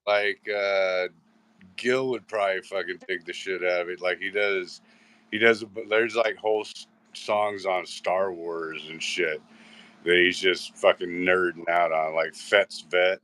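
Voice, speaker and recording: A man's voice: deep voice, fairly even intonation, unhurried, bright, forceful tone. A man hosting a casual live show, rambling and swearing a lot, often stopping to restart his sentences. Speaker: host.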